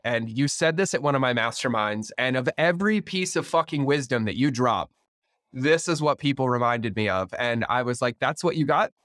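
A man hosting a podcast interview in casual chat, energetic and swearing freely, acting out the dialogue he quotes. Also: mid-range voice, no room sound, clean studio sound. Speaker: podcast host.

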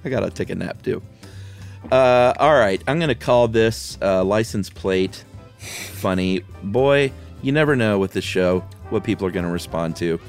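A man co-hosting a podcast, chatting casually in a relaxed, jokey way. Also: lowish voice, moderate pace, soft background music. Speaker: podcast co-host. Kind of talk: casual chat.

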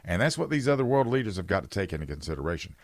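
Opinionated male talk radio host, lively pitch. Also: rapid-fire, no room sound. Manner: opinionated, conversational, reads listener texts aloud. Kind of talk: political talk radio monologue.

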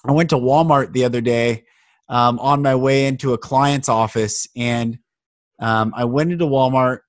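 A man hosting a podcast in casual conversation, telling stories in an animated, emphatic way. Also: mid-range voice, normal speed, dry recording, studio quality. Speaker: podcast host.

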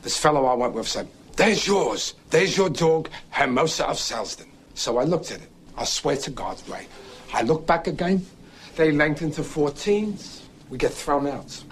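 A man's voice: on the high side, lively intonation, moderate pace, a little hiss or hum, lightly acted. Man doing a clumsy fake-Cockney rambler. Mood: rambling, aggrieved. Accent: overdone fake Cockney. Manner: rambling anecdote, up-and-down rhythms. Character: movie star's clumsy Cockney man recounting a horse-race day.

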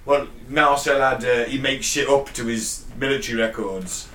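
A man's voice: medium pitch, steady tone, normal speed, fairly bright tone, far from the mic. A man co-hosting a podcast in casual, rambling chat, often laughing and swearing. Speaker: podcast co-host. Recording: roomy sound, off-mic.

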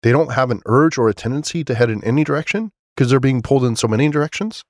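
A man's voice: medium pitch, animated, fast, no echo, studio quality. A man hosting a solo podcast, talking casually and enthusiastically with lots of fillers and restarts. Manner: enthusiastic about his setup. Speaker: podcast host.

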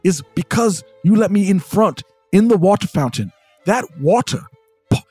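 Pompous wealthy gent, grand and drawn-out, played by a man in a comedy bit. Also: high voice, lively intonation, mellow, breathy edge, no room sound, faint music behind, pitched above the performer's own voice. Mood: grandiose. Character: pompous rich man returning to give thanks.

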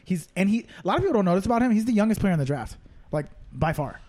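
A young man co-hosting a casual podcast, talking quickly, joking and laughing often. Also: sits high, sing-song, darkish tone. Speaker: podcast co-host. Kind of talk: casual chat.

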